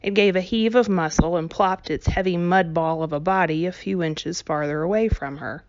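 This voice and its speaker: A woman reading a novel aloud in a measured storytelling way. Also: lowish voice, darkish tone, no room sound, lo-fi sound. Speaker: audiobook reader.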